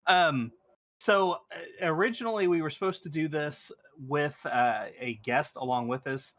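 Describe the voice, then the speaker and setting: A man co-hosting a casual gaming podcast, upbeat and quick to laugh. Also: a little high, a bit bright, no echo. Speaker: co-host.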